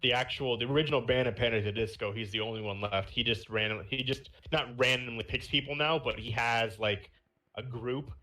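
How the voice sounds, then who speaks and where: A man's voice: mid-range voice, fairly quick, bright, forceful tone. A young man hosting a podcast, casually telling a rambling story with lots of fillers. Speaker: podcast host. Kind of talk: casual chat.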